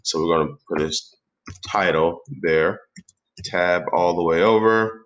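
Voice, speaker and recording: A man narrates a software tutorial in a deep, low voice, walking through each step as he types. His pace is slow and easy, with plenty of pauses between phrases. The delivery stays relaxed and conversational, like someone showing a friend on screen. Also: dull audio. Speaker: tutorial host.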